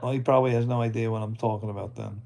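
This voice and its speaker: A man's voice: on the low side, fairly even intonation, rapid-fire, creaky, darkish tone, slight background noise. A man hosting a casual livestream, chatting loosely with his viewers and an AI assistant. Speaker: livestream host.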